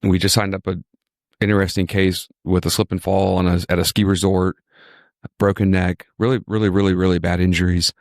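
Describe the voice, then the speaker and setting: A low-voiced man from Virginia hosts a podcast, chatting with an easy, enthusiastic flow and circling back to repeat his points. The sound is dry and close, with no room around it. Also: little pitch movement, brisk, dry recording. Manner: chatty, repetitive, enthusiastic storyteller. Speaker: injury lawyer, podcast host. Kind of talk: casual podcast chat.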